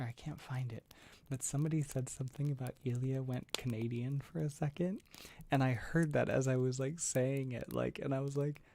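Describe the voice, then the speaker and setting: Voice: mid-range voice, gravelly, mellow, a little hiss or hum. A young adult livestream host chatting casually with viewers, laughing often and restarting sentences.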